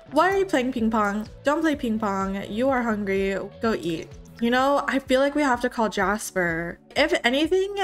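Chatty young female gaming creator, high-ish voice, faint music bed. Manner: excitable, chatty, talks to her characters. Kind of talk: let's play commentary.

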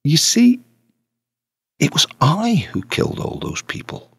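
A man reading the part of a quiet, patient, shrewd elderly priest in an audiobook, subdued in manner. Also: fairly high pitch, huge pitch swings, measured pace, breathy edge, no echo, clean studio sound, long reverb tail, voice pushed up, exaggerated voice. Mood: grave.

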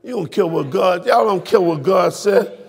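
Preacher man, high gravelly voice, yelling at the congregation in church. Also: normal speed. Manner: fiery, shouting, calls out to congregation. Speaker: pastor. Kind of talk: sermon. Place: church sanctuary.

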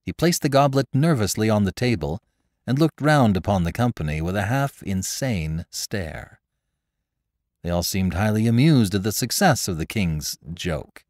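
A man narrating a classic story as a podcast host, in an expressive, theatrical reading on a close studio mic. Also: low voice, moderate pace, no room sound. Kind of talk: dramatic audiobook reading.

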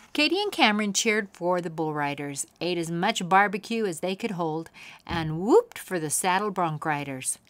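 A woman reading a children's picture book aloud as a storyteller, with expressive, animated delivery. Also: fairly low pitch, normal speed, dry recording.

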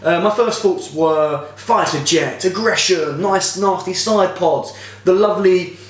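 A man's voice: high-pitched, a little slow, far from the mic. Chatty opinionated guy in an echoey room. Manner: chatty and opinionated, rambling with restarts. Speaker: motorsport vlogger. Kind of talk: casual opinion commentary.

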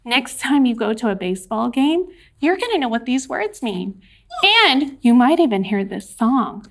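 A woman's voice: a little high, animated, moderate pace. A woman teacher leading a cheerful, patient lesson for young children, coaxing them along.

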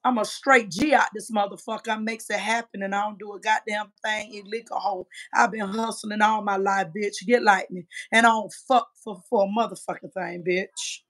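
A woman's voice: mid-range voice, steady tone, moderate pace, hardly any pauses, fairly bright tone. A woman in her fifties on a livestream, delivering a combative, profane rant into a phone mic. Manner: profane, combative, trash-talking.

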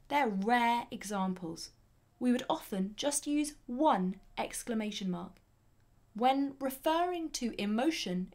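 A woman with a fairly high voice teaches a grammar lesson. She explains each point clearly and deliberately, then lifts her voice to read the example sentences with emphasis.

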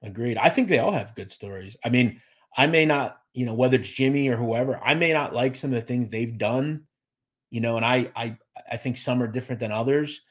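During a casual livestream, a man speaking at medium pitch and a fairly quick pace goes through viewer comments. He thanks each person by name, and his talk is loose, with frequent fillers and restarts.

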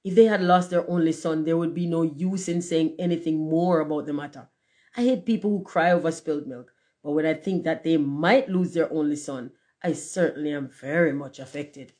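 A woman's voice: low-pitched, steady tone, normal speed, warm tone, close to an everyday voice. A woman voicing a pompous, self-important male firework rocket in a storybook reading, haughty and self-pitying. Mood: indignant.

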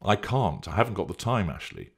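A man's voice: low-pitched, very animated, a little fast, creaky, breathy edge, exaggerated voice. A man voicing a patient man who reasons with and refuses a demanding woman. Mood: firm refusal.

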